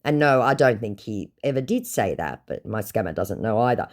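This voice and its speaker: A woman's voice: a bass voice, big pitch swings, normal speed, few pauses, darkish tone. A woman recounting a scam chat in storytime narration, with sarcastic, mocking asides.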